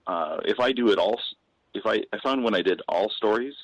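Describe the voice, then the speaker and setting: A comedian guest, a man, spins a casual anecdote in a low voice. He circles back, restarts phrases and fills pauses as he goes. The sound is dry, with no room echo. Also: animated. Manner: rambling with frequent restarts and fillers.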